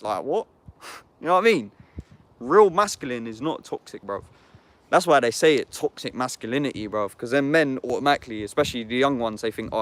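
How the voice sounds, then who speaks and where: A man's voice: mid-range voice, a bit bright. A man talking in a heated, casual livestream chat. He is blunt and sweary and speaks in an ordinary mid-range voice. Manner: blunt, heated and sweary, saying "bruv" constantly.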